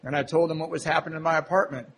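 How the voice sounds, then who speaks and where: A man's voice: a little high, fairly even intonation, very fast, a bit bright, slight background noise, rough recording. A man telling a humorous, self-mocking recovery story to a live audience at a meeting, from Southern California. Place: meeting hall before an audience.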